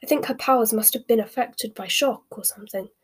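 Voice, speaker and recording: An earnest, clever teenage girl witch, as a woman voices her, quick to object. Her voice runs fairly high and breathy. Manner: earnest, indignant.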